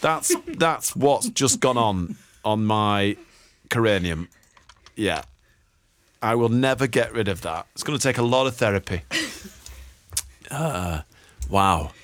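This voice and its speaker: A man's voice: on the low side, very animated, slow, pauses often, a bit bright, no room sound. A man hosting live radio from a studio, chatting in a jokey, rambling way and laughing often. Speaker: radio host. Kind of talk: live breakfast radio chat. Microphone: studio microphone.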